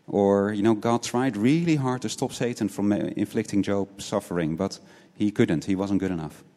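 Low-voiced male preacher in a reverberant hall. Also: moderate pace, dark tone. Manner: asks many rhetorical questions, tagging points with "right?"; earnest, repeats words as he restarts. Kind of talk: sermon.

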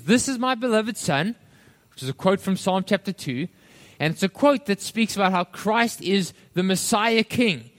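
Preaching in a voice that sits high, this male pastor addresses the audience as friends and performs each quoted voice with lively changes in delivery.

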